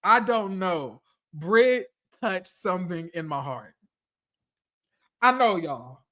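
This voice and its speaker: A woman's voice: fairly low pitch, lively intonation, slow pace, fairly bright tone. A woman giving casual, profane reality TV commentary, blunt and repeating phrases for emphasis.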